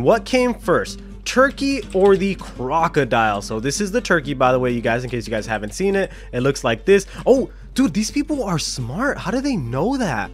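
A man with a slightly raised voice narrates his gameplay as a video host. He talks excitably, breaking into gasps and laughs as he goes. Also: fairly high pitch. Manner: excitable, gasping and laughing often. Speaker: YouTube gaming host. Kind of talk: gameplay commentary.

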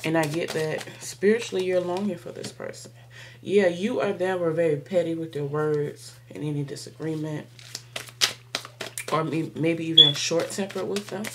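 Lower-voiced woman giving a chatty tarot reading. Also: fairly even intonation, moderate pace, background noise. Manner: laughs often, chatty, slangy. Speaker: tarot reader.

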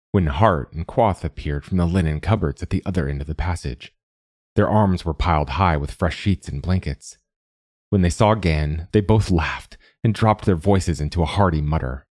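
A man narrating a literary short story as host, in a measured, even storytelling manner. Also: deep voice, no room sound, clean studio sound. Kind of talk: scripted fiction narration.

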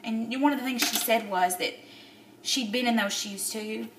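A woman in her thirties recording a personal video diary. She is upset and near tears, and she talks haltingly with many pauses and fillers. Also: fairly high pitch, fairly bright tone, distant mic, slight background noise. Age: 30s. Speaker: vlogger. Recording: roomy echo, a bit off-mic.

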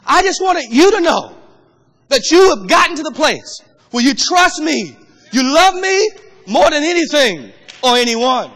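A man preaching who voices God as a commanding male voice from on high, with booming, emphatic pronouncements. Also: very animated, a little slow, a bit bright, heavily acted.

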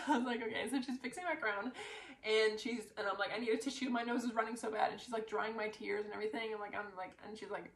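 A woman excitedly retelling her pageant win to camera, talking in a breathless rush full of "like" fillers. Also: fairly high pitch, fast. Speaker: pageant titleholder. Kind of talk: casual storytelling to camera. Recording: roomy echo.

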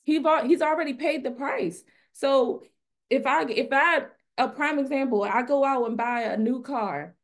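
A woman's voice: sits high, a little slow. A woman on a faith panel, speaking earnestly and building her point through repeated rhetorical questions. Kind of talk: faith-based panel talk. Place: event stage.

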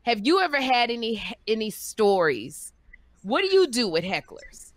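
A middle-aged woman hosting a podcast, telling stories in a lively, animated way and acting out what people said. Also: a little high, moderate pace, no room sound. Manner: animated storyteller, acts out quotes. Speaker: podcast host. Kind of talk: casual chat, storytelling.

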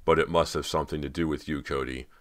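A man's voice: very deep voice, fairly even intonation, quick pace, a bit bright. A man reading an audiobook, voicing a stern young man who runs a film shoot, firm and solemn.

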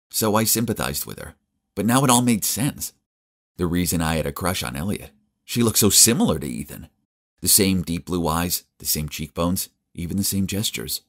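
Very deep-voiced male storyteller. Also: fairly bright tone. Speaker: narrator. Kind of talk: first-person story narration.

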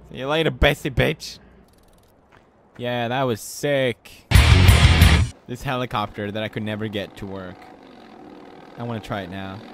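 A young man in his twenties giving loud, goofy, swearing commentary while he plays a game. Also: medium pitch, fairly even intonation, measured pace, pauses often. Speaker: gaming video host. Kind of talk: gameplay commentary. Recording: game music in the background.

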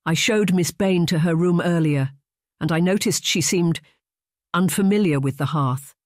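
A narrator voicing a worried, deferential household maid who speaks in a hushed, hesitant way. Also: female voice, on the low side, normal speed, no room sound, studio quality, close to an everyday voice.

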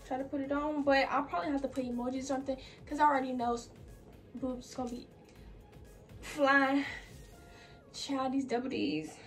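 With faint music behind her and the mic some distance away, a young woman who vlogs about fashion guides viewers through a clothing DIY. Her voice is high with fairly even intonation, her pace moderate with long pauses, and she's chatty, a bit winded, and fond of "like" and "y'all."

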